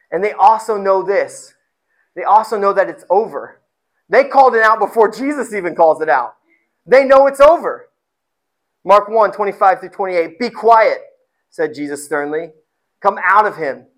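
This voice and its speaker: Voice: medium pitch, poor audio. Pastor delivering an emphatic sermon, prone to repetition and rhetorical questions. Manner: repeats words and phrases for emphasis.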